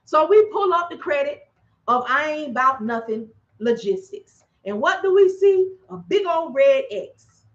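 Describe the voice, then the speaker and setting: A woman dispatcher talking casually to her audience in a lively, animated way, acting out her phone calls and clearing her throat often. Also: high-pitched, measured pace, muffled recording. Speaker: freight dispatcher. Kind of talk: casual livestream talk. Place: drafty office.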